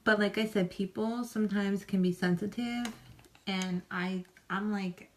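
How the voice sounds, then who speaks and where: A woman's voice: mid-range voice, steady tone, measured pace, a little hiss or hum. A woman chatting casually in a rambling, self-deprecating and folksy way while doing her makeup on camera. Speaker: makeup vlogger. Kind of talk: casual get-ready-with-me chat.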